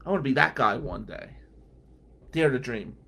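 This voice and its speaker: Man, radio talk regular, mid-pitched, very animated delivery. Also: normal speed, gravelly. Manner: animated anecdotal storyteller, acts out quotes. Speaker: lawyer and show regular. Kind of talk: storytelling on a radio talk show.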